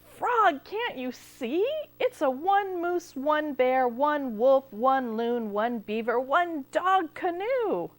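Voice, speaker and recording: A woman's voice: high voice, expressive, slow pace, hardly any pauses. A woman voicing the canoe's young owner in a picture book, patiently counting off the animals in a sing-song list. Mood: exasperated. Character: firm young canoe paddler, patient but fed up.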